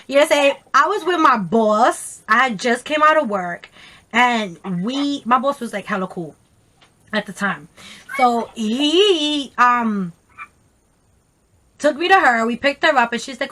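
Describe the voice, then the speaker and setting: A woman tells a story to her camera in a casual, animated, profane way, full of slang and quoted voices. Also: fairly high pitch, unhurried. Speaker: vlogger.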